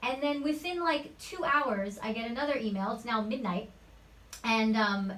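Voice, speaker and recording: A woman actress being interviewed at a home studio, telling a lively, chatty anecdote. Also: fairly high pitch, normal speed, far from the mic, low-quality recording. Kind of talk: interview storytelling.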